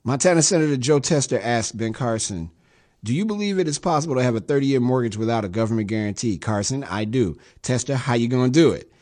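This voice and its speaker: A man's voice: mid-range voice, expressive, fast, a little mellow. A man in a radio studio talks through the news in a casual commentary style. His voice sits mid-range, and he breaks up the quotes he reads with wry, sarcastic jabs. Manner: sarcastic, wry asides between read-out quotes. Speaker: radio show host.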